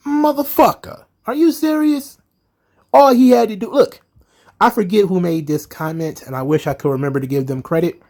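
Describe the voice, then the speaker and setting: A man's voice: high-pitched, moderate pace, darkish tone. A man giving an angry, profane commentary rant as a wrestling vlogger, heated and emphatic.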